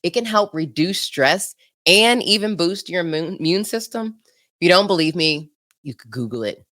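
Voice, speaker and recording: A woman's voice: on the low side, lively intonation, moderate pace, fairly bright tone. A woman hosting a podcast in casual, bubbly chat, laughing often as she tells stories. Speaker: podcast host.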